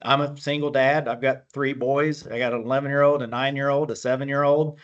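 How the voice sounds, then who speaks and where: A man's voice: mid-range voice, fairly even intonation, fairly quick, dull audio. A man speaking as a guest, explaining mental skills in a plainspoken way with military terms. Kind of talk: motivational talk on a call.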